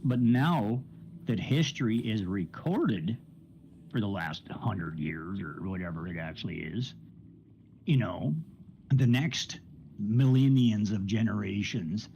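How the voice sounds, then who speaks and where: A man's voice: on the low side, measured pace, warm tone, slight background noise, poor audio. A man streaming games, going off on a rambling, profane rant and often laughing. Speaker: game streamer.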